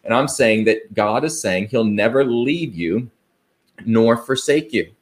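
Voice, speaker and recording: A man's voice: medium pitch, measured pace. A man preaching an earnest, conversational sermon, asking rhetorical questions and quoting scripture. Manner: conversational, with fillers and restarts.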